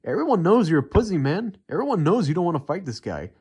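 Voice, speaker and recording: A man's voice: high-pitched, sing-song, fast talker, darkish tone, breathy edge. A young man ranting heatedly and profanely in unscripted commentary, rambling with many fillers. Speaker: MMA commentary YouTuber.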